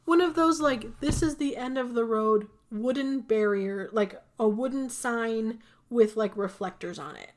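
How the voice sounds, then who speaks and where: A woman's voice: on the high side, unhurried. A woman co-hosting a podcast, recapping a movie in a casual, filler-heavy way with some swearing. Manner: chatty, filler-heavy, profane, laughs easily. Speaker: podcast co-host.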